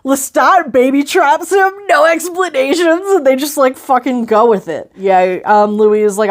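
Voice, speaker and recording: A woman's voice: high-pitched, a little slow, hardly any pauses. A young adult woman giving casual, slangy, profane book commentary with lots of "like.". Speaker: book vlogger.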